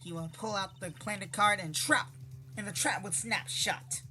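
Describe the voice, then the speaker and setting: Woman voicing smug con-artist card dealer from a game, put-on Russian accent, bright tone. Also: mid-range voice, measured pace, faint music behind. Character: sly scheming female card dealer, cocky con artist. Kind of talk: voicing a visual novel playthrough.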